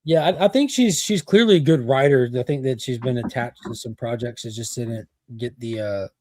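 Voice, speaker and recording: An opinionated man on a casual pop culture panel, talking bluntly and cursing easily. His voice is mid-pitched and sits dry and close, with little room sound. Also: normal speed, darkish tone, dry recording. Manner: opinionated, swearing freely.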